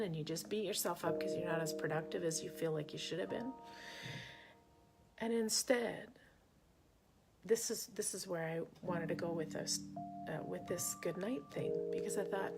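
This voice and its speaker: A woman musician and teacher chatting casually on a live video, often dropping into a soft half-whisper as she muses. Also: mid-range voice, expressive, normal speed, gravelly, over music. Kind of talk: casual live-stream talk.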